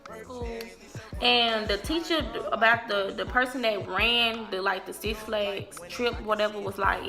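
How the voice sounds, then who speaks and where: Bright-voiced young woman telling a story. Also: on the high side, measured pace, creaky, soft background music. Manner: animated, slangy, swearing storyteller. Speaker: vlogger. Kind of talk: casual storytime vlog.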